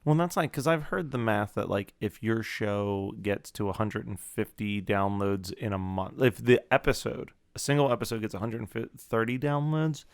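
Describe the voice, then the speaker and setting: A man's voice: on the low side, normal speed, hardly any pauses. A man in his thirties, a podcast guest in casual chat, telling stories with lots of laughter. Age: 30s. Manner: animated storyteller, laughs often.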